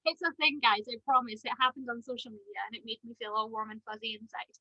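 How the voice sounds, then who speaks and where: A woman's voice: on the high side, quick pace, pushed and bright, no room sound, muffled recording. A woman co-hosting a casual fan podcast, chatty and giggly, with lots of ums. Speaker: podcast co-host.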